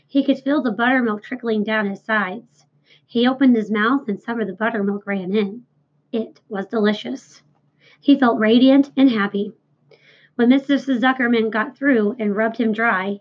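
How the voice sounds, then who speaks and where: A woman reading a children's novel aloud with clear, expressive narration. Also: a little high. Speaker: reader. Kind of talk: storybook read-aloud. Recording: dull lo-fi recording.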